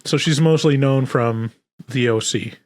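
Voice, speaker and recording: A man co-hosting a podcast, thinking aloud in a relaxed, casual chat about movies. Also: medium pitch, unhurried, dry recording. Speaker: podcast co-host.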